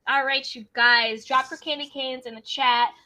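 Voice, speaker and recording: A woman's voice: sits high, steady tone, normal speed, pushed and bright. A woman hosting a casual live stream, greeting viewers by name in a bubbly, chatty way. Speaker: livestream host.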